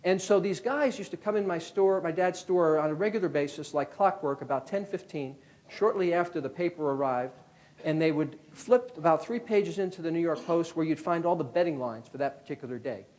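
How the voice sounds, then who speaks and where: High-voiced man telling a lively story. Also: brisk. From Connecticut, USA. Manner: lively anecdotal storyteller who acts out callers. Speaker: speaker, former FBI agent. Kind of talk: storytelling keynote talk.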